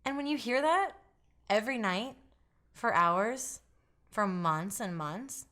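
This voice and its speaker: A young woman giving a documentary interview, speaking haltingly and quietly, often sinking toward a whisper. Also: medium pitch, animated.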